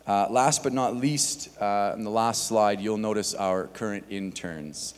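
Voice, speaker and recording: Casual church guy reading out announcements, lots of uhs, deep-ish voice, echoey sanctuary. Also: a little slow. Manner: casual, many filler words. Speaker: church staff pastor. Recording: long hall reverb.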